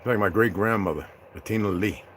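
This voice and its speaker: A man ranting to his viewers in an unscripted, confrontational, profane way, dropping to low mutters and rising to loud outbursts. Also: brisk, a little hiss or hum. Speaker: vlogger addressing his viewers. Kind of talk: unscripted rant to camera.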